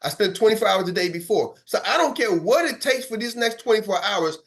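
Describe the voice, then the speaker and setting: Male sales coach, high voice, energetic motivational talk. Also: brisk. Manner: animated, acts out cold calls in character voices.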